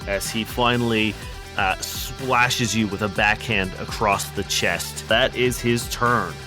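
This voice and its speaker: A man with a lowish voice narrates a tabletop game as game master, quick and lively, laughing now and then, with music playing underneath.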